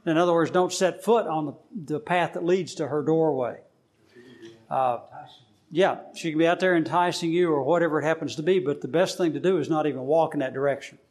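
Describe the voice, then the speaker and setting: Man, middle-aged, Bible study leader, casual teaching, fillers and restarts, slightly higher voice. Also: fairly quick, darkish tone. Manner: plain, conversational, with many fillers and restarts.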